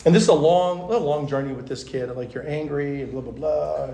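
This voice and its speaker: A man, a pastor, teaching at a youth conference in a chatty, animated storytelling way, full of fillers. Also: a little high, a little fast, vocal fry. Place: large conference hall. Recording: echoey hall.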